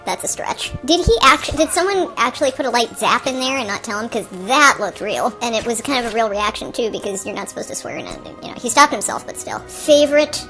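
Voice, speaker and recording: A woman hosting an improvised movie-review show, giving casual running commentary with rambling asides and quick questions, sometimes dropping to a soft whisper. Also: high-pitched. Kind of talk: casual running commentary while watching a film.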